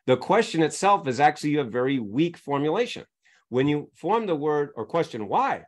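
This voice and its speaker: A man appears as a coaching guest on a podcast, his voice on the high side with big swings in pitch and a moderate pace. He walks listeners through his method using examples and keeps checking in with them by asking "right?".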